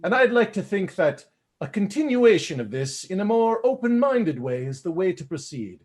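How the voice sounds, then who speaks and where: A man's voice: sits high, sing-song, normal speed, a little mellow. A man improvising a grandiose, theatrical expert in a comedy scene over a video call. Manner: grandiose, theatrical, laughs often. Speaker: improv performer playing a Shakespeare expert.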